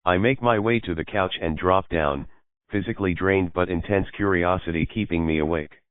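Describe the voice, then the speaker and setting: A man narrating a novel as an audiobook reader, in a steady storytelling manner. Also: low-pitched, moderate pace, clean tone, no room sound. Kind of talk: scripted narration. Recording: narrow phone-like dry sound.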